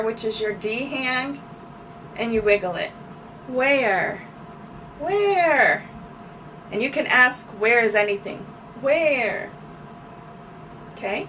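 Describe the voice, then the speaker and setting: A woman with a slightly high, animated, somewhat bright voice teaches sign language at a slow pace, pausing often. She explains every sign patiently and repeats phrases as she demonstrates. The distant-mic recording carries bluegrass banjo music and a little hiss or hum.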